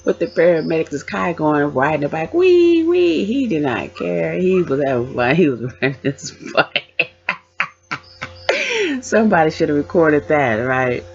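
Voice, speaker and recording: A woman's voice: deep voice, very animated, measured pace. A woman vlogger telling her own story casually, acting out the voices of the people in it. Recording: dull lo-fi sound.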